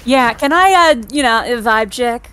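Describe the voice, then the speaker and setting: A woman's voice: fairly high pitch, lively intonation, moderate pace, pushed and bright. A woman playing in a tabletop game, giving brief, casual replies to the game master. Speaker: player. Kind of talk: tabletop role-play as a player.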